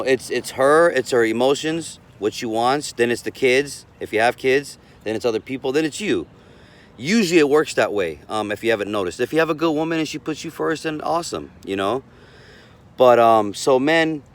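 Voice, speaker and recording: A man giving casual relationship advice as a coach, rambling and repeating words as he talks. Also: medium pitch.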